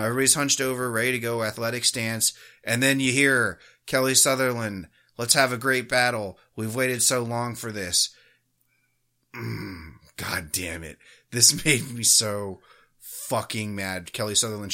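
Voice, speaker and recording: Give me a male podcast host ranting and swearing in a bright, forceful voice. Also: on the low side, fairly even intonation, moderate pace. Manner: profane, heated ranting. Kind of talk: casual podcast rant.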